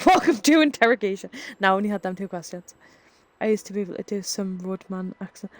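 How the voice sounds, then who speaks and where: Over faint background music, a Geordie livestreamer in her twenties, from North East England, reads out her live chat and chats casually, full of giggles and "like." She speaks fairly quickly in a mid-range voice with lively intonation.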